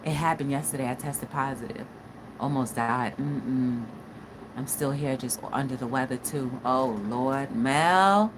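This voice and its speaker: A woman with an extremely low voice hosts a casual live-stream talk show, reading the live chat and talking with viewers unhurriedly. She's animated and playful, given to dramatic exclamations, over a noisy background.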